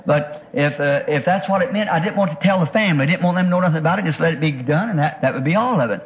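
A man preaching a sermon, recounting an experience in an earnest, halting way with many repeated words. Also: fairly high pitch, muffled recording. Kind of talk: sermon testimony.

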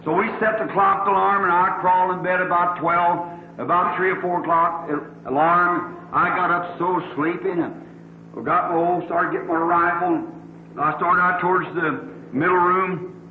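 A man's voice: high voice, steady tone, moderate pace, slight background noise. A male preacher tells a story in a sermon, rambling and folksy and acting out the dialogue. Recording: tinny lo-fi echoey old sermon tape.

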